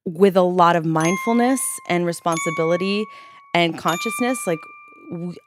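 Expressive woman guest from San Francisco. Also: lowish voice, background noise. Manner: expressive, laughs easily, quick to joke. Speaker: guest, PR company founder. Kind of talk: casual chat.

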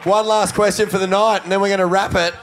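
A man hosting a live panel, crude and jokey, swearing and shouting praise at the crowd. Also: high-pitched, level tone, quick pace. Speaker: host. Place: live panel at a bowling club in front of an audience. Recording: noisy live club recording.

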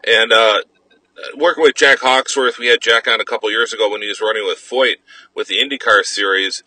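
Wisconsin-accented male host, piercingly bright tone, chatty questions full of fillers. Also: lowish voice, fairly even intonation, fairly quick, low-quality recording. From Wisconsin, USA. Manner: friendly, rambling questions with fillers. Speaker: podcast host. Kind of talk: casual interview.

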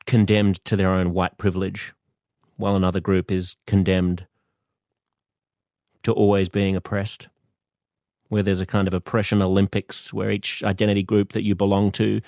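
A man with an Australian accent hosting a podcast, speaking in a thoughtful, measured monologue with pauses and restarts. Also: lowish voice, a little mellow, dry recording, studio quality. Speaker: podcast host. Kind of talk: reflective monologue.

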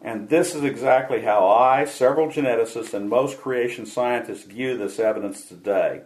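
A man hosting a radio show, reading a scripted dialogue aloud in a measured way. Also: medium pitch, darkish tone, low-quality recording.

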